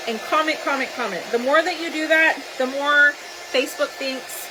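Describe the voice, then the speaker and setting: A woman's voice: high voice, moderate pace, noisy background. A woman hosting a crafting live stream, chatting casually and greeting viewers by name.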